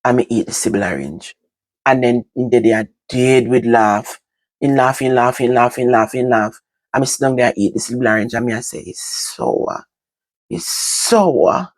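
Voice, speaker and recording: An older woman with a Jamaican accent, telling stories from her own life to her vlog audience in casual, animated talk that moves between patois and standard English. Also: rumbling low, brisk, no room sound. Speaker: vlogger. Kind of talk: casual storytelling to camera.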